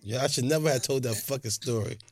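A man co-hosting a podcast, telling crude stories in casual, animated chat. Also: mid-range voice, fast talker, soft background music. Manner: profane, animated storytelling. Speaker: podcast co-host.

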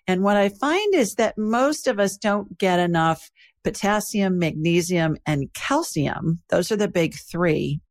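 A woman reading an advertisement in a plain way, spelling out details slowly. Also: fairly low pitch. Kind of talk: ad read.

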